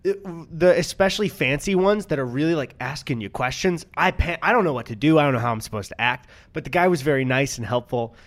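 A man's voice: fairly high pitch, expressive, quick pace, hardly any pauses, fairly bright tone. A man in his twenties, co-hosting a podcast, chatting casually and telling stories with frequent laughter and swearing. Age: 20s. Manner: storytelling, laughs often, swearing. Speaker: podcast co-host. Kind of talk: casual chat.

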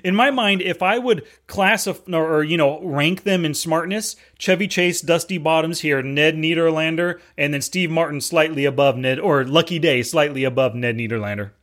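A man's voice: fairly high pitch, moderate pace, hardly any pauses, fairly bright tone. A man co-hosting a casual movie discussion, easygoing and agreeable. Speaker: podcast co-host.

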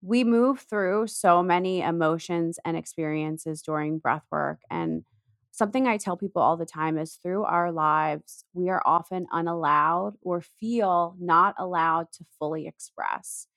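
A woman guest who works as a breathwork practitioner, speaking in a calm, affirming, coaching way in a casual interview. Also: fairly low pitch, unhurried, no room sound, studio quality.

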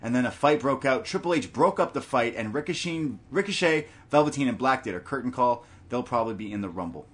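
A man's voice: medium pitch, lively intonation, fast, few pauses. A man co-hosting a podcast in casual chat, reading listener messages aloud and laughing often. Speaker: podcast co-host.

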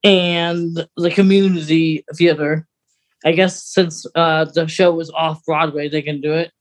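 A young man co-hosting a podcast, chatting casually in a rambling way with quick laughs. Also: on the high side, steady tone. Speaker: podcast co-host. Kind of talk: casual chat.

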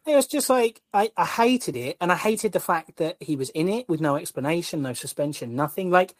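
A man's voice: a little high, lively intonation, a little fast, dry recording. Exasperated man ranting on a podcast. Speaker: guest co-host, wrestling columnist. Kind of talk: casual podcast chat.

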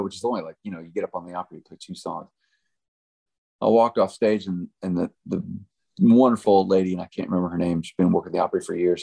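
A man's voice: deep voice, creaky, darkish tone, breathy edge. A middle-aged man, a country musician guest, telling stories in a laid-back, rambling way with lots of fillers. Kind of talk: casual storytelling chat.

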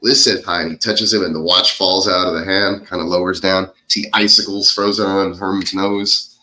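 A man on a podcast eagerly recaps a film scene by scene, laughing along as he goes. His voice sits on the low side but has a bright, forward edge. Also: moderate pace, rough recording. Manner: animated retelling, laughs often. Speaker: podcast co-host. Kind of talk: casual movie recap.

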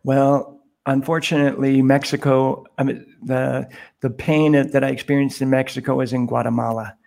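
Priest guy on a podcast, gravelly voice, chatty and laughing through stories. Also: mid-range voice, little pitch movement, moderate pace, a little mellow. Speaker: priest guest. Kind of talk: casual podcast storytelling. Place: Guatemala, on a remote call.

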